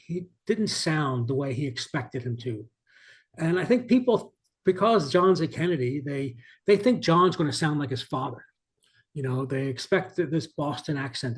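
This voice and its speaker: A man who is an author, telling an earnest, reflective story as an interview guest, often restarting his sentences. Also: a little high. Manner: earnest, many restarts, varied emphasis.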